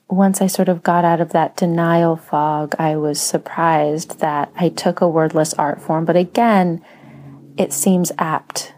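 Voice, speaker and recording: A woman who writes and teaches writing, speaking slowly in a soft, reflective personal monologue with frequent pauses. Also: lowish voice. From Spanish-speaking home. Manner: slow, soft-spoken, pausing often.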